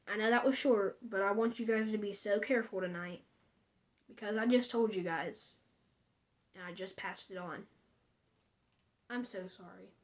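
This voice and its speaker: Woman, casual horror storytelling, rambling, fairly high voice. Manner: rambling, conversational, addresses viewers directly.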